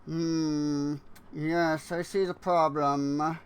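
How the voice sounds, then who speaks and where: A streamer voicing a smug, scheming old cartoon villain with a slow, drawn-out, self-satisfied delivery. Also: mid-range voice, flat delivery, a little hiss or hum.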